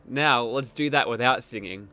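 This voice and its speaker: A man's voice: mid-range voice, sharp tone. A man streaming a game, giving casual, crude, joking commentary.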